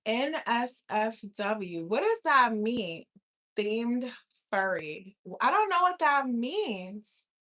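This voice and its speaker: Bright-voiced blunt woman streamer. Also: a little high, slow pace. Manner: blunt, profane, animated storytelling. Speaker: livestream host. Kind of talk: casual livestream chat reading comments.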